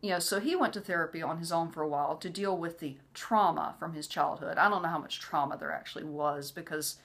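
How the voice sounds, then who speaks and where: A woman's voice: low-pitched, fast, fairly bright tone. A woman telling a personal story in a casual way, with many "you know" fillers, sometimes acting out what others said. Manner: frequent "you know" fillers, acts out quoted voices. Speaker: vlogger sharing personal story.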